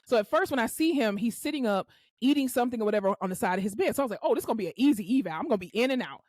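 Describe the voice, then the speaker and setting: A young adult woman co-hosting a podcast, telling a work story in casual chat and acting out the quotes with loud swearing. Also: fairly high pitch, expressive, rapid-fire, no room sound. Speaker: podcast co-host.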